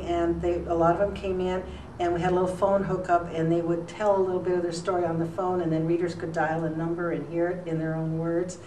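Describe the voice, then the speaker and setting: Older woman telling long, rambling stories. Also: fairly low pitch. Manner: rambling, warm anecdotes with many fillers. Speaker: interviewee, retired newspaper columnist. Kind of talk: relaxed storytelling in an interview. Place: school room. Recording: roomy, distant mic with faint noise.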